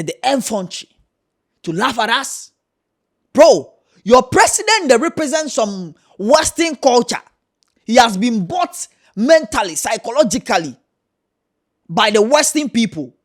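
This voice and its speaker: A man with a Ghanaian accent giving a heated, mocking commentary rant, emphatic and repetitive. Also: high voice. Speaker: commentary host.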